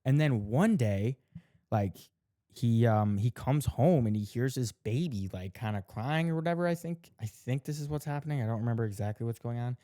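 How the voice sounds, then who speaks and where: Speaking at normal speed with a mellow, mid-range voice and lively intonation, a male podcast co-host casually recaps a show's plot. He curses a lot, fills his talk with "like," and performs the characters' quotes, all in clean studio sound with no room noise.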